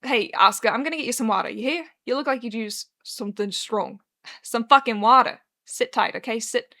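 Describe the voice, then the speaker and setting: A woman's voice: on the high side, brisk, bright, forceful tone. A woman voicing a brash, frazzled male bartender who swears freely and uses old-fashioned slang, in a dramatic fanfiction reading. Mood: frantic.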